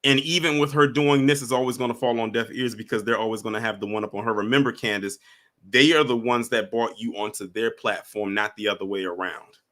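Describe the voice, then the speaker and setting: Man, reaction host, casual, bright tense voice, mid pitch, talks to chat. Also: steady tone, a little fast. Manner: conversational, addresses viewers as y'all.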